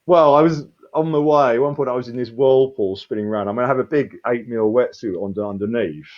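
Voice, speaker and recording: A man's voice: medium pitch, a little fast, muffled recording. Rambling man in his fifties telling a story. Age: 50s. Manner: rambling, animated, swears freely. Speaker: street performer guest. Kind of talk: casual storytelling.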